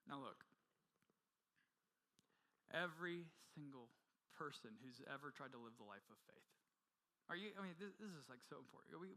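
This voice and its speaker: A male pastor preaching a sermon with passion, swinging from loud urgency to hushed intensity and often restarting his phrases. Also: medium pitch, rough recording. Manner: frequent repeated restarts. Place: church.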